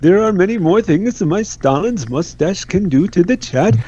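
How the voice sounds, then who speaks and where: A man's voice: sits high, animated, normal speed, warm tone, muffled recording, pitched above the performer's own voice. A man putting on an exaggerated mock accent with stilted phrasing and a leering, creepy manner.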